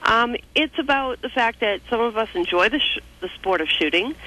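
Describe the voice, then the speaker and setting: A woman's voice: mid-range voice, sharp tone. A woman from New calling into a radio show, speaking earnestly and steadily as an advocacy spokeswoman. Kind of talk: phone-in radio interview. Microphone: telephone. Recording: tinny phone line.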